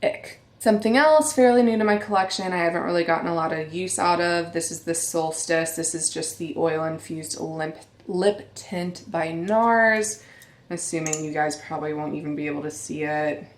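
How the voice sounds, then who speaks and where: A woman in her thirties talks casually and candidly to her viewers, as a beauty vlogger would. Her voice sits a bit low. The room around her is echoey. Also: moderate pace, slight background noise. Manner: chatty, candid, addresses viewers as you guys. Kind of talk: casual chat.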